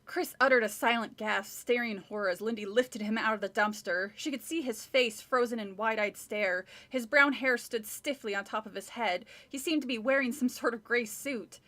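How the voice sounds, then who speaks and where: Bright-voiced woman reading a storybook aloud. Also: a little high, normal speed, few pauses. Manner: wry, laughing asides. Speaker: streamer reading a book aloud. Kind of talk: storybook reading with chat asides.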